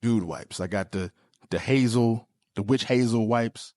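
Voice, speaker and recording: A man hosting a podcast, joking through a comedic monologue with sudden leaps into high squeaky tones. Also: unhurried, darkish tone, no room sound, studio quality. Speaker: podcast host.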